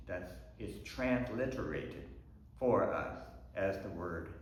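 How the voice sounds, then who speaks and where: A man, a pastor, teaching a Bible study lesson in an explanatory way, pausing with ums and restarting phrases. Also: low-pitched, lively intonation. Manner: explanatory, thinking aloud with frequent ums and restarts. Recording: very echoey room.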